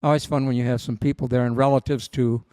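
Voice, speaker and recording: A man in his sixties, a stand-up comedian guesting on a podcast, speaking haltingly with repeated words. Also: medium pitch, level tone, mellow, smooth, no echo. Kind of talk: casual interview chat.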